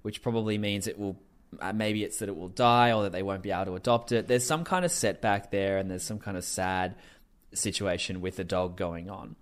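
A man hosting a casual commentary podcast, animated and profane, laughing often as he talks. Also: deep voice, a little fast, clean tone. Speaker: podcast host.

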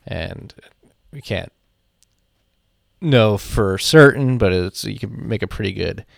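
A man from Philadelphia co-hosting a podcast, talking through the news in a relaxed, rambling way and swearing casually over a remote call. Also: on the low side, slow pace, creaky, dry recording, studio quality. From Philadelphia, USA. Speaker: podcast co-host.

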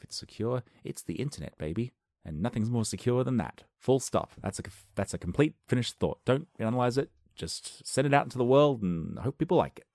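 A man's voice: on the low side, creaky, a little mellow, no echo, clean studio sound. A man in his thirties hosting a podcast, rambling through a jokey monologue and laughing at his own jokes. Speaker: podcast host.

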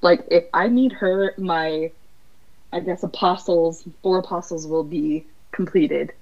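A woman guest on a podcast, telling excited fan stories in casual chat. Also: lowish voice, a little slow. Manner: excitable fan storytelling with laughs. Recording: dull lo-fi podcast audio.

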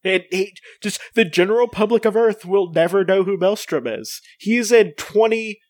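Male podcast co-host, rambling and casual, a bit high, dry mic. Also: moderate pace, a little mellow, no echo. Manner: rambling, full of "like" fillers and restarts. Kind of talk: casual chat.

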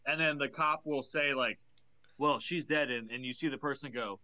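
Crude, rambling young male podcast co-host, bright tone. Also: mid-range voice, brisk. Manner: crude, rambling, swears a lot. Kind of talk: casual comedic chat.

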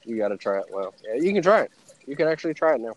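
A man's voice: mid-range voice, sing-song, rapid-fire. A man with a Southern US accent co-hosting a casual, profane, joking chat show. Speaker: podcast co-host.

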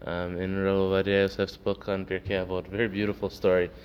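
A man's voice: low-pitched, monotone, fast. A man teaching a casual Torah class, telling stories with lots of fillers and acting out the people in them. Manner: storytelling, acts out characters, many fillers. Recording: dull lo-fi recording with faint noise.

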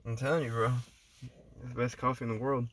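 Loud, profane man telling stories. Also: mid-range voice, flat delivery, a little fast. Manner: loud swearing storyteller, puts on voices for jokes. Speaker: podcast co-host. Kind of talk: casual podcast chat.

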